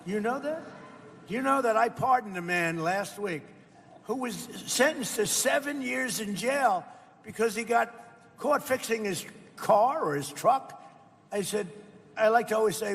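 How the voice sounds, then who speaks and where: A man's voice: high-pitched, animated, measured pace, a bit bright, in a large hall, a little hiss or hum. Rambling, boastful older American man. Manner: rambling, boastful, repeats phrases. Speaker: politician speaking at a roundtable. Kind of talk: off-the-cuff speech. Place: indoor event hall.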